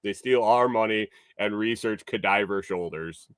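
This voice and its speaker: A man's voice: fairly low pitch, normal speed, a bit bright, no room sound. Sarcastic man riffing on news stories. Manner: sarcastic, rambling, swears, reads news aloud with asides. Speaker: livestream morning show host. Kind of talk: casual news commentary.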